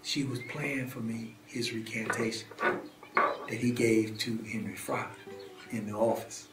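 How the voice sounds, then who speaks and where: A man telling a story in a prison visitation room, acting out the scene and sometimes dropping to a hush. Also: medium pitch, steady tone, unhurried. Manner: acts out scenes and voices, drops to hushed tones. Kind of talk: animated storytelling. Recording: roomy echo, faint guitar music.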